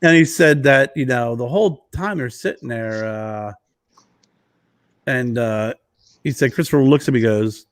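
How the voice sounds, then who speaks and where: A man co-hosting a podcast in casual chat, telling animated stories with frequent laughs and restarts. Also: mid-range voice, unhurried, no echo, studio quality. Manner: animated storyteller, laughs often, rambling restarts. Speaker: podcast co-host.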